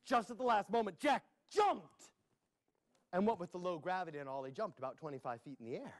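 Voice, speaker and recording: Animated and brisk, with a high-pitched voice, the storyteller performs for kids at a public library. He tells a playful story with sound effects and asides.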